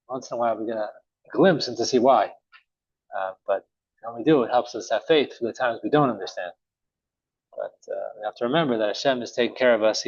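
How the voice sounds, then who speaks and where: A man teaching a morning Talmud class, telling a story casually with many pauses and restarts. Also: medium pitch, dry recording. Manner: relaxed, halting, many uhs and restarts. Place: synagogue or study room. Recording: dull, dry recording.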